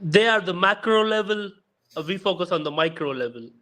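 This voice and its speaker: Guy w a higher voice calling in, earnest, keeps repeating himself. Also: expressive, brisk, pushed and bright. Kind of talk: casual chat.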